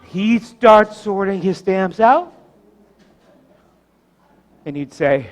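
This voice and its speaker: Pastor guy preaching, pretty high voice, goes loud then real quiet, slow dramatic pauses. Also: expressive. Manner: swings from loud to hushed, slow emphatic pauses. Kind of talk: storytelling sermon.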